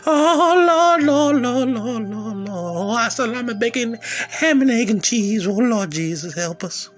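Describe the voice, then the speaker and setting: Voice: mid-range voice, animated, unhurried, faint music behind. A performer playing a hysterical, bossy mother who wails and scolds in a comedy sketch. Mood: wailing. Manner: wailing, preachy, scolding.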